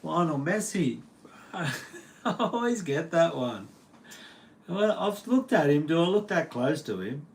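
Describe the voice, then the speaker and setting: With a slightly high, gravelly voice and big swings in pitch, an Australian man chats from home with his livestream viewers at a measured pace. He reads their comments in a laid-back, jokey manner, full of laughs and slang.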